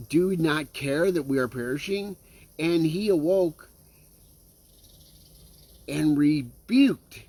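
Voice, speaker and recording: A man's voice: a little high, a little mellow. A man preaching a sermon in an earnest way, often checking in with listeners and restarting his phrases. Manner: earnest, checks in with listeners with frequent "okay?" and "right?".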